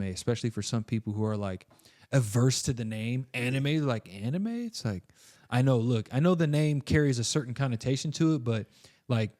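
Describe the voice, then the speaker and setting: A man co-hosting a podcast, telling a story in a casual, rambling way with lots of fillers, then acting out the people in it. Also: fairly low pitch. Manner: rambling, many fillers and restarts; animated, acts out quoted people in a raised voice. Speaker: podcast co-host.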